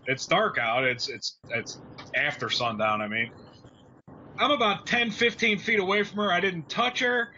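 A man telling stories on a roundtable show, with a bright, forceful voice pitched a bit high. He is profane and animated and acts out the people in his stories. The sound is dull and lo-fi, with faint hiss behind it. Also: normal speed. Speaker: roundtable co-host. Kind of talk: casual storytelling chat.

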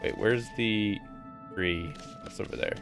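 Male gaming streamer, slow and rambling, chatty live commentary over faint game music. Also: lowish voice. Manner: rambling, chatty, reads game lines aloud.

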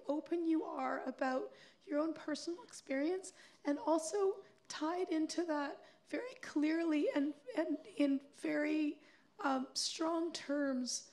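A woman's voice: high-pitched, fairly even intonation, unhurried. A woman moderating a public conversation, asking long questions with fillers and easy laughter. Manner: warm, laughs easily, filler words. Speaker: interviewer and moderator. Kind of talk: public interview on stage. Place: stage at a public event.

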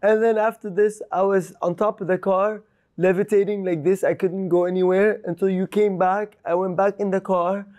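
A man, a podcast guest, telling a story in a casual, animated and rambling way, laughing often and filling with "like" and "you know". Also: high voice, moderate pace, dull audio.

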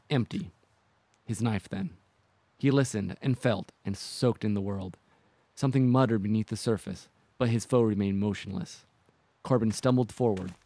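Mellow low-voiced male narrator. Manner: measured. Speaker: podcast co-host and narrator. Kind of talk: scripted narration.

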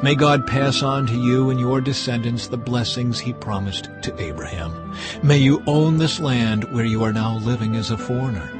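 A man voicing an old blind father who speaks with a slow, solemn cadence. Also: mid-range voice, music in the background, natural voice.

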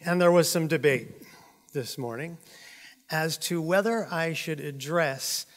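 Man, pastor, preaching in a church, somewhat high voice, swollen jaw, self-mocking humor, stage mic. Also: unhurried, long reverb tail. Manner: joking and self-deprecating, acts out dialogue. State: swollen jaw after oral surgery. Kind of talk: sermon. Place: church auditorium.

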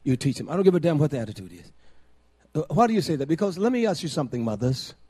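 High-voiced older male preacher, emphatic. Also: very animated, rapid-fire, breathy edge. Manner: swings from quiet storytelling to loud, emphatic preaching with repetition. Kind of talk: sermon.

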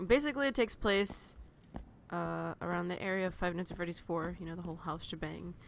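A woman's voice: on the low side, fairly quick, gravelly, slight background noise. A young woman giving commentary while she plays a horror game, nervous and jumpy, with bursts of laughter and swearing when something frightens her. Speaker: let's play gamer.

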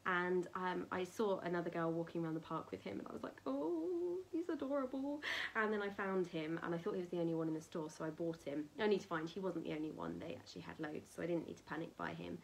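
A woman chatting to camera about a haul, rambling with ums, little laughs and soft whispered asides. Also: fairly low pitch, fast, vocal fry, few pauses, slight background noise. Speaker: vlogger showing a merchandise haul. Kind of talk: casual chat to camera.

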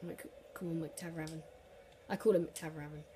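A woman with a deep voice calls the action of her own football video game in a casual way, keeping a steady tone and a moderate pace. She swears freely, mutters to herself, and bursts into shouts when big plays happen.

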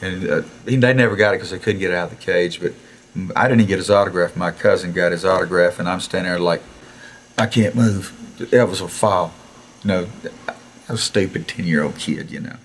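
A man, casually telling anecdotes in a recording studio, animated and chuckling, acting out quotes. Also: sits low, fast, a little hiss or hum. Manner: animated storyteller who chuckles, acts out quotes and restarts sentences. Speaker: musician interview guest.

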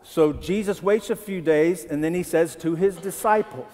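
High-voiced male pastor preaching. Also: moderate pace, a little mellow, in a large hall. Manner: conversational, asks the congregation questions. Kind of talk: sermon. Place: church sanctuary.

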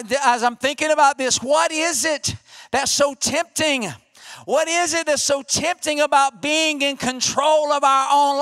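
A middle-aged male pastor preaching a sermon, who gets pumped up like a sideline coach and builds to emphatic, shouted questions. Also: very high voice, no echo, clean studio sound. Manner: energetic, rising to emphatic repeated questions.

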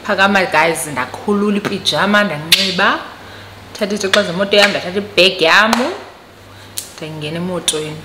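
A South African woman telling a story on her vlog, animated and switching between Xhosa and English. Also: lowish voice, brisk, background noise. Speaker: vlogger. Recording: echoey room recording.

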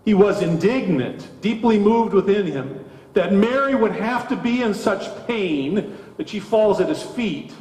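A man preaching a sermon as pastor, slow and deliberate, with emphatic rises in his delivery. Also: sits high, expressive, a little mellow. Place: church sanctuary. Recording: echoey church hall.

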